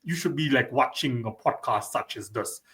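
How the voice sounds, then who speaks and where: A man's voice: mid-range voice, normal speed, pushed and bright. Podcast host guy, mid voice, chatty, lots of you-knows. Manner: loose, leans on fillers like "you know" and "like". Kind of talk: casual chat.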